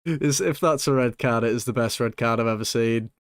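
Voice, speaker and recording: A young man commentating his own football management game, excitable and swinging between nervous hush and loud joy, swearing now and then. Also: mid-range voice, a little fast, clear, resonant tone. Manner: excitable, swings from hushed nerves to shouting joy. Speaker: gaming YouTuber.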